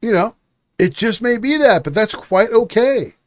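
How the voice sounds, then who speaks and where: A man hosting a live-stream reaction show, talking loudly and emotionally in rapid-fire bursts. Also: sits high, expressive. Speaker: streamer, host.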